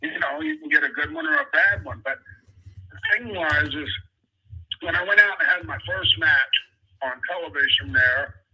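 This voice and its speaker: An older man speaks with a husky, sharp-edged voice as a podcast guest. He tells stories in a relaxed, chatty way and talks straight to the host. He slips into other people's voices when he quotes them. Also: fairly high pitch, moderate pace, poor audio. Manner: animated storyteller who acts out quoted people. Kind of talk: casual interview storytelling.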